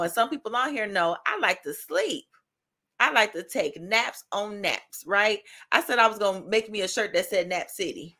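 Bright-voiced chatty woman podcast host. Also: mid-range voice. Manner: chatty, encouraging, laughs often, keeps asking "right?". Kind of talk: casual devotional talk.

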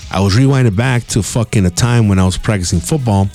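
A man's voice: fairly low pitch, a little fast, a little mellow, soft background music. A man who hosts a podcast, telling a rambling, profane story in casual street talk. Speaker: podcast host.

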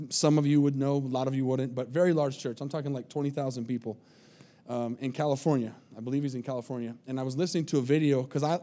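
A man's voice: mid-range voice, dark tone. A man preaching a sermon as pastor, earnest and pleading, often repeating words as he restarts his sentences.

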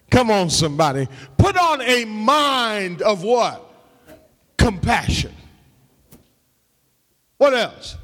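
A man preaching a sermon as pastor, calling out to the congregation and rising into shouts and half-sung lines. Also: very high voice, big-room sound. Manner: call-and-response preaching, shouting and half-singing. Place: church sanctuary.

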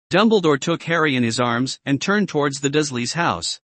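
A man reading a storybook aloud in a steady, expressive way, his voice sitting somewhat high for a man. The recording is dry and close, with no sense of a room. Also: normal speed, few pauses, no room sound. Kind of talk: audiobook-style story reading.

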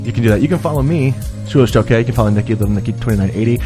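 A man's voice: mid-range voice, racing, dark tone, faint music behind. A man hosting a casual comedy podcast, joking and swearing as he teases his guests. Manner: profane, joking, teasing. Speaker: podcast host.

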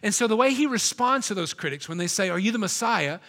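A man preaching a sermon as pastor, emphatic, dropping soft and low to linger on quoted lines. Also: expressive, quick pace.

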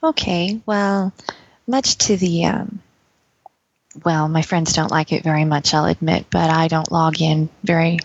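A woman's voice: deep voice, steady tone, a little slow, vocal fry, highs cut off, a little hiss or hum. A woman translating for her husband in a recorded listener message, dry and teasing. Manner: dry, teasing, mock-scolding. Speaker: listener translating in audio submission.

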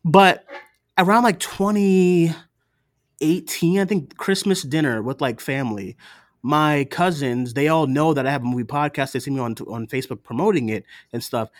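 The recording is dry and studio-clean, and the man's voice sits fairly high at a moderate pace. As one of the hosts of a movie podcast, he chats loosely and brings his stories to life by imitating other people, his relatives included.

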